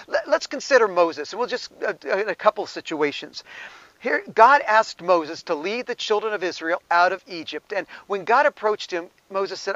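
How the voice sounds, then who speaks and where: High-voiced man preaching conversationally. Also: animated, moderate pace, fairly bright tone, no room sound, dull audio. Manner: conversational preaching with asides and chuckles. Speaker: pastor. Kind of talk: sermon.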